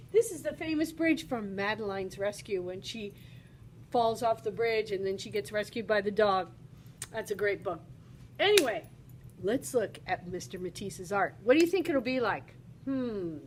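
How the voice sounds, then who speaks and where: A woman teacher leads a children's video lesson in a bright, high voice, exclaiming and asking questions. She takes her time, slowing down to make each point clear. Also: a little hiss or hum. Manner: bubbly and exclamatory, talks to kids.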